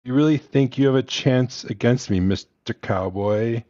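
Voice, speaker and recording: A man putting on an exaggerated German accent to voice a suave, menacing male film villain who taunts slowly and mockingly. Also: mid-range voice, mellow, dull audio, natural voice. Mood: taunting. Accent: put-on German accent.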